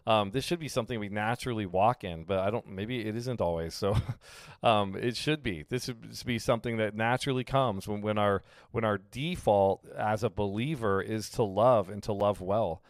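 Low-voiced pastor, casual sermon. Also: male voice, moderate pace, dry recording, studio quality. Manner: conversational, with frequent fillers and acted-out quotes.

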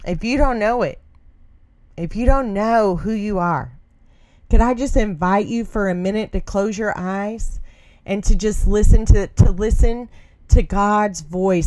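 A woman's voice: medium pitch, moderate pace, a little mellow. Earnest middle-aged woman giving devotional encouragement. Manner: earnest, repeats phrases, often trails into "right?". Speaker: devotional speaker.

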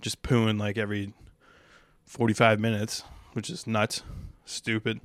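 Smooth-voiced young man, crude rambling monologue. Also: fairly low pitch, little pitch movement, unhurried, dry recording, studio quality. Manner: rambling, crude and profane, wry. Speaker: stand-up comedian.

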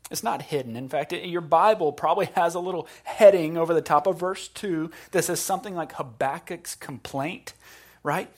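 A man preaching a sermon, moving between quiet, intense passages and loud, impassioned ones. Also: a little high, normal speed, husky. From South Carolina. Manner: dynamic preaching, swinging from hushed to loud. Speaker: pastor.

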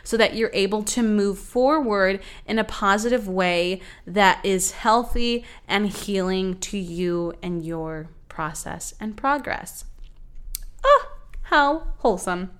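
A woman's voice: medium pitch, steady tone, slow, hardly any pauses, smooth. A young woman hosting a self-help podcast, talking earnestly and rambling with many fillers. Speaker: podcast host. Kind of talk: casual self-help talk.

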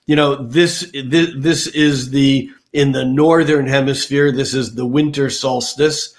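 A man's voice: medium pitch, steady tone, unhurried. An older man, an astrologer on a podcast, talking casually with many fillers and restarts. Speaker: astrologer guest.

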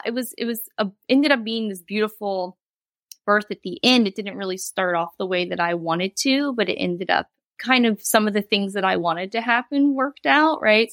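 As an interview guest in a casual storytelling chat, a woman in her thirties rambles candidly through a personal tale, quoting asides and laughing. Her mid-range voice is a bit bright, with no room sound.

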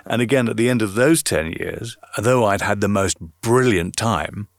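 An older voiceover artist from Northern Ireland with an educated Northern Irish accent softened toward RP, talking in a measured, chatty way with many ums and uhs. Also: male voice, on the low side, dry recording, studio quality. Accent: educated Northern Irish, now near RP. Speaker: voiceover artist and former radio announcer. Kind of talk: relaxed conversational interview.

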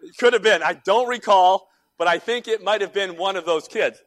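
Middle-aged pastor guy, high voice, preaching hard then dropping real quiet, repeats himself a lot. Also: normal speed. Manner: emphatic and repetitive, swinging between loud exhortation and hushed asides. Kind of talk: sermon.

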